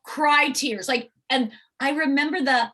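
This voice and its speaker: Middle-aged actress, high voice, animated. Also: female voice, unhurried. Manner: animated storyteller, lots of "like". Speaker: actress guest. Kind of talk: casual interview anecdotes.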